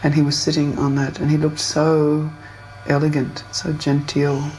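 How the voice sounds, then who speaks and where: An older woman from Australia, telling old memories in a gentle, unhurried way during an interview. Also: low-pitched, monotone, slight background noise, rough recording. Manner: gentle, unhurried storytelling with small fillers. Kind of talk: reminiscing interview.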